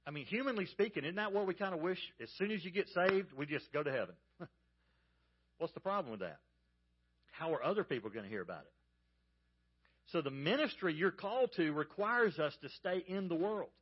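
A pastor from the American South with a Southern accent, preaching a sermon in a folksy storytelling manner and speaking straight to the congregation. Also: male voice, on the high side, animated, a little fast, long pauses, slightly rough, lo-fi sound. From Georgia, US South.

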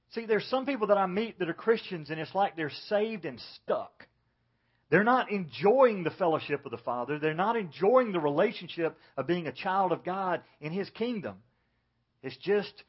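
A man's voice: on the high side, lively intonation, normal speed, pauses often, slightly rough. A man preaching a sermon as pastor, dramatically acting out the lines of the story's characters. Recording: dull, lo-fi church recording.

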